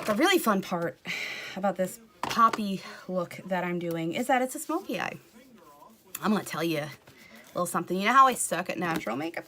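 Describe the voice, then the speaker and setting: A woman's voice: fairly low pitch, a little fast, background noise. A woman doing a casual, comedic makeup tutorial, swearing freely, mocking herself and often dropping into a whisper. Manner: profane, self-mocking. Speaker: makeup vlogger.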